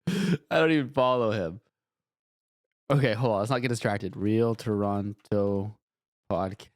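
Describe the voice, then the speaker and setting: A man's voice: mid-range voice, lively intonation, normal speed, no room sound, clean studio sound. A man streaming, reacting to videos with wry, profane asides while browsing. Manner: wry, swearing, talks to himself while browsing.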